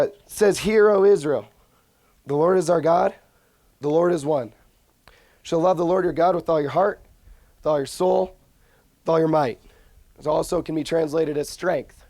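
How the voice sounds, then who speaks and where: A man's voice: a little high, a little mellow, no echo. A young man giving an informal, earnest talk on scripture, often restarting his sentences. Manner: earnest, frequent restarts and fillers. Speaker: religious speaker.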